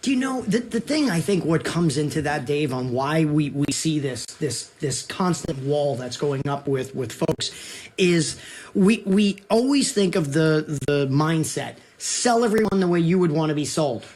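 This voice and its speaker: This real estate broker, appearing as a guest, coaches realtors in a husky voice, delivering his rules with punch and heavy emphasis. It's a direct, energetic sales talk at a measured pace, his pitch rising and falling lively as he drives the point home.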